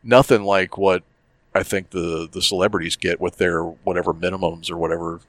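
A man's voice: deep voice, level tone, a little fast, dry recording. A middle-aged man co-hosting a casual podcast, telling a story in a profane, worked-up rant. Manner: profane, ranting storyteller who gets worked up. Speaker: podcast co-host.

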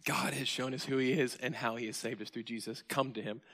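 A man preaching a sermon to his church congregation, earnest and emotional, swinging from loud emphasis down to near-whispers. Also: medium pitch, steady tone, fairly quick. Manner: earnest, emotional, admits crying mid-sermon. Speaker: pastor. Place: church sanctuary.

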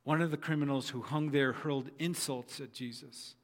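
A man's voice: medium pitch, steady tone, moderate pace. Preacher man in an echoing hall. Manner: voices quoted figures dramatically, repeats phrases. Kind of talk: sermon.

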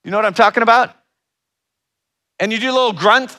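Brief: relationship educator, animated storyteller, high and bright tone. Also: male voice, moderate pace. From Northern Ohio. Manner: animated storyteller with asides to the audience. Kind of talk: storytelling talk.

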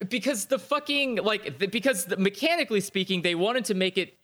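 Male co-host, slightly high pitch; heated, profane rant in casual chat. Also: a little fast. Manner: animated ranting, heavy swearing. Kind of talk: casual chat about video games.

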